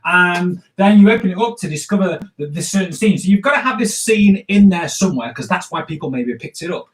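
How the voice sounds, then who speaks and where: A man's voice: sits high, expressive, brisk. A man giving a live comic drawing lesson, playful and jokey, talking straight to the viewers as he draws. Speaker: comics teacher.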